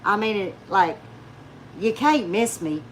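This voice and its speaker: Slow and lively in intonation, this medium-pitched woman chats with her YouTube viewers through folksy stories, a little hiss or hum audible in the background. She laughs frequently and plays out the people she talks about.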